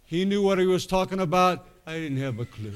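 A man's voice: high-pitched, expressive, a little fast, noisy background. A middle-aged man preaching, telling a rambling, folksy anecdote with self-amused laughs. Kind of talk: storytelling sermon.

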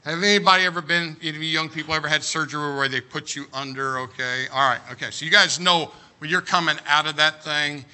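A man preaching, telling a comic story with animated bursts of shouting. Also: medium pitch, slight background noise. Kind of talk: humorous storytelling sermon.

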